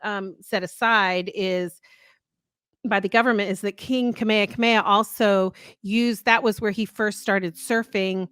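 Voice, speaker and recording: A woman's voice: medium pitch, steady tone, measured pace, fairly bright tone, smooth, no echo. Woman, middle-aged, podcast co-host, earnest rambling storyteller, dry close sound. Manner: earnest, rambling, with many restarts. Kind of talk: casual storytelling chat.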